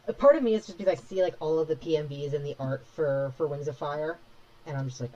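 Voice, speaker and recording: A woman's voice: low voice, lively intonation, quick pace, dark tone, highs cut off. A young woman chatting casually with her viewers while she draws live, rambling and reacting to the chat. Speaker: streamer drawing live.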